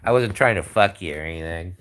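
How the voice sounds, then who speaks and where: A man's voice: low voice, fast, a bit bright, a little hiss or hum. A man hosting a livestream, ranting in a profane, rambling way and restarting his sentences often. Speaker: livestream host. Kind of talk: casual livestream rant.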